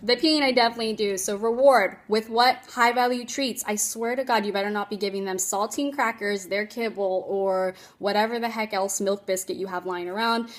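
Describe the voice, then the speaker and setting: A woman's voice: medium pitch, fairly even intonation, a little fast, hardly any pauses. A woman dog trainer giving casual tips on a phone livestream, chatty and emphatic, laughing often.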